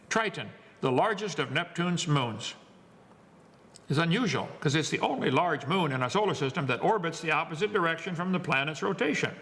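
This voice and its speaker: A man's voice: on the high side, animated, brisk, fairly bright tone, long reverb tail. A man giving a lecture to an audience, wisecracking, preachy and emphatic. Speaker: seminar speaker.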